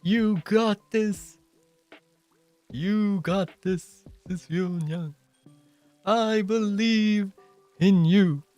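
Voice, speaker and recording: A man voicing a cheery, encouraging middle-aged uncle who speaks slowly and loudly, drawing out each phrase. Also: high-pitched, no room sound, soft background music. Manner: slow, loud, drawn-out encouragement.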